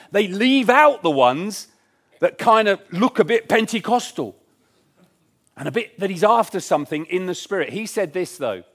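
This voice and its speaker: A man preaching a sermon in church, earnest and emphatic, repeating his key lines. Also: sits high. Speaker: pastor.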